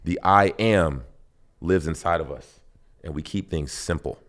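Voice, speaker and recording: A man telling personal stories on a podcast in a lively way, acting out both sides of conversations. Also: low voice, unhurried. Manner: animated, acts out both sides of dialogue. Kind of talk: casual storytelling.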